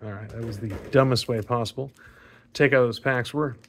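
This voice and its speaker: A man with a raspy voice, chatting casually and rambling with fillers and mild swearing while opening trading card packs. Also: medium pitch, fairly even intonation, brisk, slight background noise. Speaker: card pack opening vlogger. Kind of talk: casual pack opening commentary.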